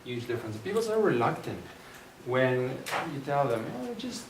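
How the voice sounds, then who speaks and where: A man's voice: mid-range voice, sing-song, normal speed. A man teaching a class, thinking aloud and putting questions to his students. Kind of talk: classroom lecture. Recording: echoey room, distant mic, clear background noise.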